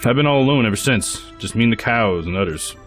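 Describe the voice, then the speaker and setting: A man's voice: medium pitch, expressive, fast talker, fairly bright tone, soft background music, natural voice. A man voicing an older widowed rural farmer who is defensive, rambling and self-pitying. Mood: weary.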